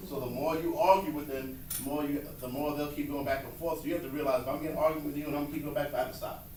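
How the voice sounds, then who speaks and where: Guy talking fast about adhd kids to teachers, animated, echoey far-off room. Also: on the high side, a little hiss or hum. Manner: fast, animated, acts out quotes. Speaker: speaker at a workshop on students with ADHD. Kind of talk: live talk to educators.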